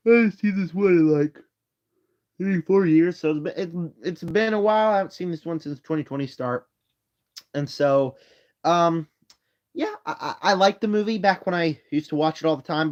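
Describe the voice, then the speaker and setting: A man's voice: on the high side, dull audio. A man casually chatting on a live stream at home, ranking movies in a tired, rambling way with yawns. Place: home room. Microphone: phone.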